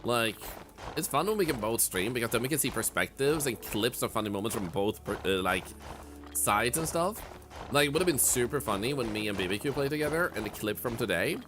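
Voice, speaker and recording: A man streaming a game, chatting casually and reflectively with viewers, with many "like" fillers. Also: medium pitch. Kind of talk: casual live-stream chat. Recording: game music under the voice. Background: game music.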